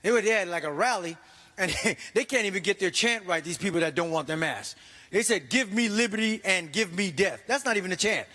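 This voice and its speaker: Middle-aged male stand-up comic, high pitched and animated, performing in a reverberant hall. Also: brisk. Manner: animated, exclaiming, acting out voices. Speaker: stand-up comedian. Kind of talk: stand-up comedy set. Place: church comedy stage.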